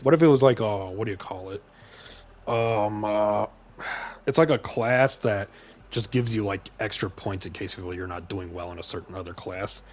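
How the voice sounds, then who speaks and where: A man's voice: fairly low pitch, normal speed, a little hiss or hum. A man hosting a casual chat stream, rambling with lots of fillers and heavy swearing. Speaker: podcast host and streamer.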